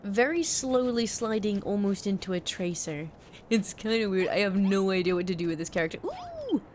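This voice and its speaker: A woman's voice: medium pitch, fairly quick, slight background noise. A woman streaming a video game, commenting casually, giggling and swearing as she muses aloud.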